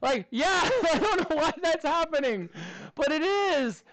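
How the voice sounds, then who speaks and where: A male math teacher chatting with his class in a casual storytelling mode. His pitch rises and falls a lot, and he sounds self-amused as he talks straight to the students. The recording is dry and close. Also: expressive, measured pace, fairly bright tone, dry recording.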